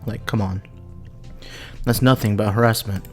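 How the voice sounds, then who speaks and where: A man doing casual let's-play commentary with low, blunt reactions, swearing and disbelieving. Faint game music runs behind his voice. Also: steady tone, unhurried. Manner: incredulous, swearing. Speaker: gaming channel host.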